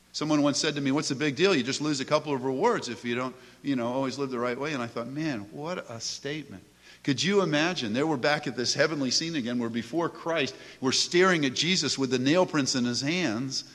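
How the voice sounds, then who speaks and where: A man's voice: medium pitch, fairly bright tone. A man preaching a sermon, earnest and emphatic, reading scripture aloud. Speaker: pastor. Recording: long hall reverb.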